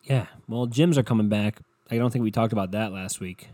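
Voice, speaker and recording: A male podcast co-host talks fairly quickly in a warm, fairly low voice without echo. His story rambles and pokes fun at himself, and the casual talk is full of swearing.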